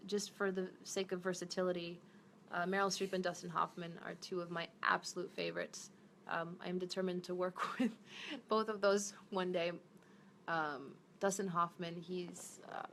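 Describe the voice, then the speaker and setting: A woman's voice: mid-range voice, fairly bright tone, slight background noise. A woman in her thirties, an actress, chatting casually in a live stream, reading fan comments aloud and switching between English and Portuguese.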